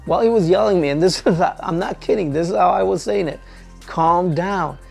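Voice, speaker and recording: A man who trains truck drivers tells a story in a casual vlog, acting out both sides of an argument with lively energy. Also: sits high, fast, gravelly, breathy edge, soft background music.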